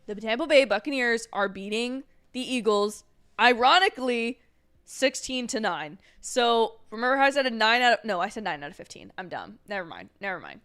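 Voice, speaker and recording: A young woman hosting a casual watch-along livestream, chatty and rambling, with quick apologetic asides and a sleepy edge. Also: fairly high pitch, animated, fairly bright tone. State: sleepy, yawning. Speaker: livestream host.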